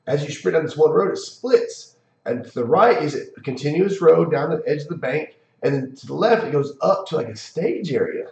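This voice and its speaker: A man's voice: a little high, animated, normal speed, gravelly, darkish tone. Podcast guest, male, rambling profane storyteller; roomy, dull recording. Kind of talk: casual storytelling chat. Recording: echoey room, dull lo-fi sound.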